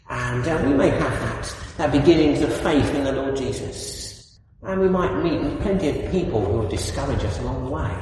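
A man preaching a sermon, animated, with rhetorical questions to the congregation. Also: mid-range voice. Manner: animated, rising loud on key phrases, asks the congregation rhetorical questions. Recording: echoey hall from far off, faint noise.

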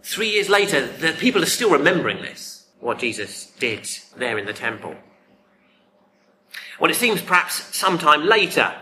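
A man preaching a sermon, emphatic, with dramatic pauses and repeated words. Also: on the high side, sharp tone, slight background noise.

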